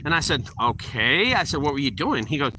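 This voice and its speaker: A man's voice: a little high, very animated, a little fast, noisy background. A middle-aged man, a junk removal business owner, telling a story in a profane, heated vlog rant.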